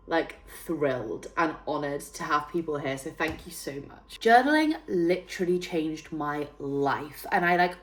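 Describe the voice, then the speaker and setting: A woman of thirty with a northern English accent, chatting to camera in a bubbly way, full of fillers. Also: lowish voice. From northern England. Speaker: fitness trainer and YouTuber. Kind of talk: casual vlog talk to camera.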